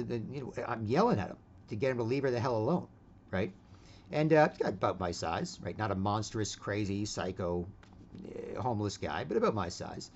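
A man's voice: lowish voice, lively intonation, brisk, muffled recording. A man giving a casual opinion monologue, rambling with many restarts and constantly tagging his sentences with "right?". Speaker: vlogger.

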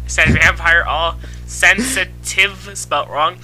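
A man's voice: sits high, pushed and bright, rough recording. A man reading fan fiction aloud in an exaggerated, mock-dramatic way. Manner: exaggerated, drawn-out reading that breaks into laughter. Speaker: co-reader.

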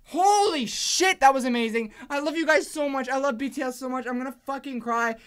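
Young-sounding woman vlogger, high voice, frantic and teary, swears freely. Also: quick pace, clear, resonant tone. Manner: excited, shouting, swearing a lot. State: overwhelmed, near tears. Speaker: reaction vlogger. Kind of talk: music reaction video.

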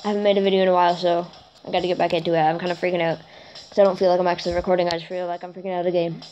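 A woman giving chatty let's play commentary for her gaming channel, getting excited and keeping on apologizing for freaking out. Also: rapid-fire, lo-fi sound. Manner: excitable and chatty, jumps to high squeals over goals; self-conscious, keeps apologizing for freaking out.

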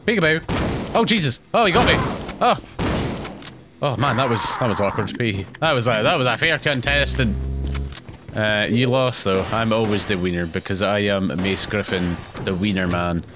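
A young man giving rambling, casual commentary while playing a video game, often jumpy and quick to laugh. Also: on the low side, noisy background. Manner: rambling, jumpy, breaks into panicked yelps and laughs. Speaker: let's play gamer.

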